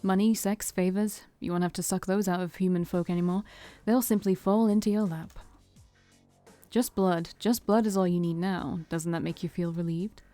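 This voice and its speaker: A woman voicing a smug, theatrical male vampire who talks slow and knowing, like a preacher, while reading a visual novel aloud. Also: on the low side, steady tone, warm tone, faint music behind, natural voice.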